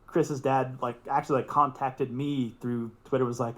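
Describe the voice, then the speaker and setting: A young man telling a story as a podcast guest, excitable, swearing and laughing as he talks. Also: mid-range voice, normal speed. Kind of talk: casual storytelling.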